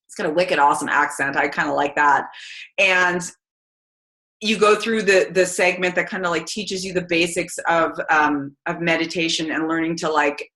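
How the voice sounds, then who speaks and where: A chatty, energetic woman, giving a casual motivational talk to her team. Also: fairly low pitch, moderate pace. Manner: chatty and energetic, many fillers. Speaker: team call speaker. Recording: roomy echo.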